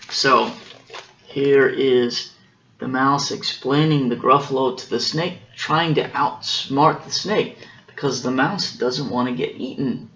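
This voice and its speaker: A father reads a picture book aloud to his little girls, slow and unhurried, in a gravelly voice with a bright edge. He stops to explain the story and corrects himself as he goes. The home recording is dull and lo-fi, with faint noise behind. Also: medium pitch, steady tone. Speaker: father reading to his daughters.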